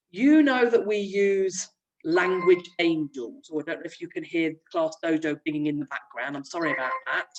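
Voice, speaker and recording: A young woman who teaches primary school explains a remote lesson in a friendly, chatty way while sharing her screen. Her voice is lowish, and the audio is poor, with a distant mic.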